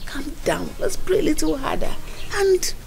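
A woman's voice: sits high, very animated, moderate pace, gravelly, echoey room, heavily acted. An actress playing a devout mother with a Nigerian accent who reassures her son with prayer. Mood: reassuring. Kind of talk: film drama acting. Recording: noisy outdoor ambience.

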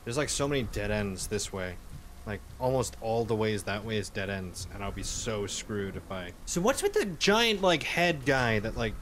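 A man's voice: fairly low pitch, expressive, normal speed, fairly bright tone, a little hiss or hum. Jumpy young man narrating a horror game. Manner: rambling, jumpy, yelps and swears at scares. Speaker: gaming channel host. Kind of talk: let's play commentary.

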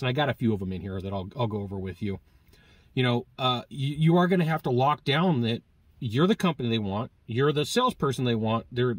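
A man teaching sales negotiation in a lively, conversational way, acting out bits of dialogue with customers. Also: medium pitch, no echo. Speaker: sales trainer. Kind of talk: direct-to-camera sales coaching.

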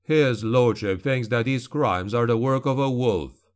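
A man voicing a cold, commanding male witch hunter who speaks slowly and with measured authority. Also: mid-range voice, clean tone, natural voice. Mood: stern.

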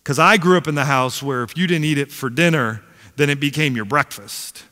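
A middle-aged man pastor delivers a sermon in a bright, forceful voice that sits a little high. He tells stories with humor and acts out the voices in them, and his words ring with the long reverb of a large church hall. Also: brisk. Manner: animated storyteller, acts out quotes, self-deprecating humor.

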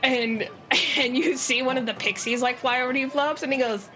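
A woman's voice: sits high, fairly even intonation, fairly quick, bright, forceful tone, rough recording. A woman narrating as dungeon master, chatty and giggly, with lots of fillers. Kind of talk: narrating a tabletop game. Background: background music.

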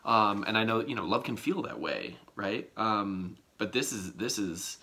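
A man teaching a casual poetry lesson as an English teacher, talking haltingly with many ums and restarts. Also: on the low side. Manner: slow, relaxed delivery. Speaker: high school English teacher.

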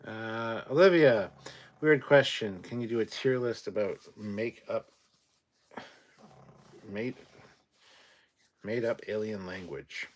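A man's voice: on the low side, slow pace, long pauses, a little hiss or hum. A man hosting a casual livestream, reading viewer questions aloud and answering with irreverent, profane, sarcastic rants.

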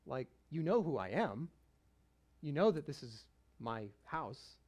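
Pastor reading a gentle twelve-year-old boy, plain and unhurried. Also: mid-range voice, very animated. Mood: gently explaining. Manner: gentle, matter-of-fact.

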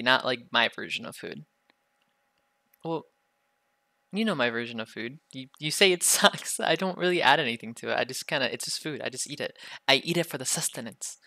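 A man's voice: medium pitch, expressive, fairly quick, creaky, pushed and bright, dry recording, clean studio sound. A young man performing an ASMR role-play with a bratty, teasing manner and lots of swearing, his throat sore from being sick.

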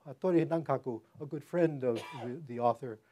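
An older man giving an academic public lecture in a hall, speaking haltingly with many fillers and restarts. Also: mid-range voice, mellow, slight background noise.

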